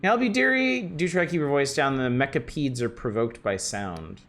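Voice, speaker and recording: A man's voice: mid-range voice, animated, fairly quick, a bit bright. A man doing a prim old-fashioned librarian lady. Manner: genteel, calls everyone dearie. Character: prim middle-aged woman librarian, fussy, evasive. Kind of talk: reading game dialogue aloud.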